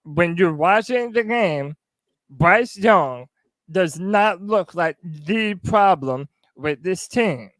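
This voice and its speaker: High-pitched guy co-hosting a podcast, blunt and frank, dry mic. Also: animated, slow pace, a bit bright, no echo. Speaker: podcast co-host. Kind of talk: casual sports podcast talk.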